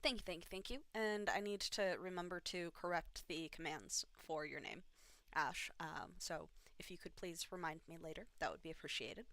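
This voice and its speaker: A woman's voice: lowish voice, moderate pace, a bit bright. A tired woman running a tabletop game livestream on a home mic, rambling and self-deprecating with many fillers. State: tired from little sleep. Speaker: game master. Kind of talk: livestream announcements and recap.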